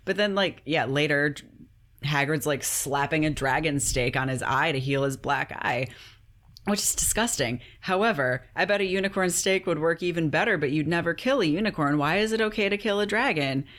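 A woman's voice: deep voice, normal speed, a bit bright. A woman co-hosting a podcast, chatting casually about a book, incredulous and swearing freely with lots of "like". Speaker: podcast co-host.

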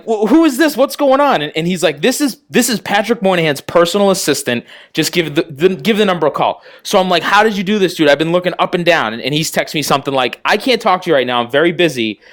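A man chatting as a podcast guest, with a somewhat high voice that swings widely as he tells a story. He acts out every side of the conversations he recalls and swears freely. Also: fast. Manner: animated storyteller who acts out both sides of a conversation. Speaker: podcast guest and radio producer. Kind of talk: casual podcast chat.

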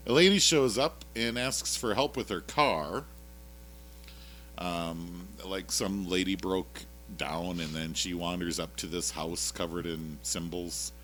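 A man's voice: sits low, takes it slowly, a bit bright, slight background noise. A man co-hosting a casual podcast, retelling a TV episode in a rambling, jokey way with lots of fillers. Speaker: podcast co-host recapping a TV episode. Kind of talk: casual chat.

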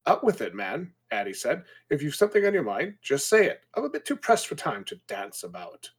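A fairly high-pitched man reads a novel passage and then chats about it, his voice moving up and down expressively. He throws in quick reactions and joking asides as he goes. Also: very animated, breathy edge. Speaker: podcast co-host. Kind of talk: casual chat and reading aloud.

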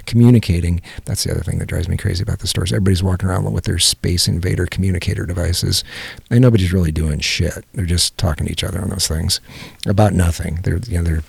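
Gravelly, husky man telling stories. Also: low-pitched, steady tone, darkish tone, dry recording. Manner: halting storyteller, many restarts. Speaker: podcast co-host. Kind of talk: casual chat.

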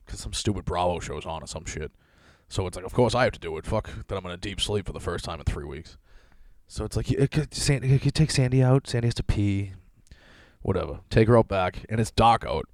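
A man's voice: on the low side, no echo. Profane, rambling man in his thirties. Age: 30s. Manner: rambling, profane, self-deprecating storytelling; laughs often while telling stories. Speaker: podcast host. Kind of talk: casual solo podcast monologue.

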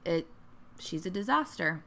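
Casting: young woman, podcast co-host, bright clear tone, chatty storyteller voicing quotes. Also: fairly low pitch, animated, unhurried. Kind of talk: casual chat. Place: Northern California.

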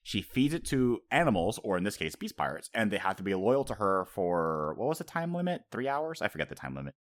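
Podcast host, man; low, animated, swears and laughs a lot. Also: fairly quick. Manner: animated, profane, laughs often, acts out quotes. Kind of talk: casual chat.

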